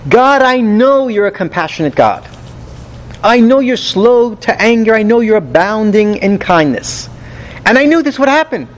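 Un profeta Jonás abatido y exasperado, al que da voz un hombre con un tono agudo, que se queja con insistencia. Suena como el resumen dramatizado de una clase bíblica. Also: male voice, high voice, big pitch swings, normal speed, pitched above the performer's own voice, rough recording. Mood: exasperated. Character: grieving prophet Jonah, adult man, upset.

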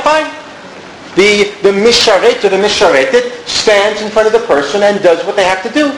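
A man's voice: high voice, animated, normal speed. A man teaching a Bible class, explaining step by step and putting questions to his students. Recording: echoey room, some background noise.

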